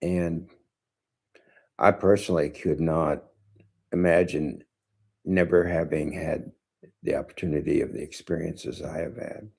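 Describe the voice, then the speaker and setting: A man in his seventies, a martial arts teacher, giving a slow, thoughtful monologue to camera with frequent pauses. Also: very deep voice, fairly even intonation, vocal fry, darkish tone, slightly rough. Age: 70s. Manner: slow, thoughtful, pausing often.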